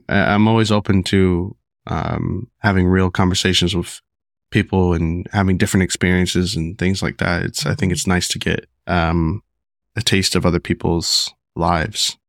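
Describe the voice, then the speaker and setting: Sick podcast host man, deep, dry. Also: no echo. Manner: rambling, many fillers and restarts. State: sick, rough voice. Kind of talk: casual solo podcast talk.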